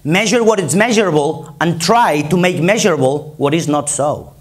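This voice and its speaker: Spanish-accented male keynote speaker, higher voice, emphatic and repetitive. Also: normal speed. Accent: Spanish, from Barcelona. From Spain. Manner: emphatic, repetitive, rallying the audience. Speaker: conference speaker. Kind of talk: conference keynote presentation. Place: conference hall.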